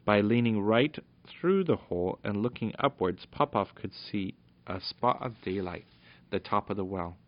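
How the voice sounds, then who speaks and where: A man reading a children's storybook aloud in a steady narration with small stumbles, on a dull lo-fi recording. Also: lowish voice, moderate pace.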